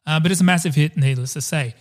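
A man hosting a podcast, telling a story in casual chat with animated energy and the odd swear word. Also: fairly high pitch, quick pace. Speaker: podcast host.

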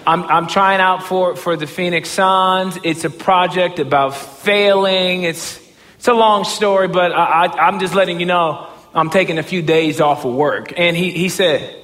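A man giving a humorous, self-mocking storytelling talk as a motivational speaker, often breaking into excited shouts. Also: sits high, a little slow, big-room sound.

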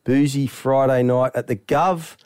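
A man's voice: medium pitch, steady tone, a little slow, a little mellow, clean tone. A man co-hosting a radio show, laid-back with short replies. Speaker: radio co-host. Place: radio studio.

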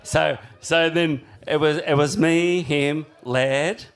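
A man with an Australian accent telling surf stories on a live stage, rambling and full of fillers, his voice jumping high when he acts out shouts. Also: slow. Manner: excitable storyteller, voice climbs high acting out shouts. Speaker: surfboard shaper and guest.

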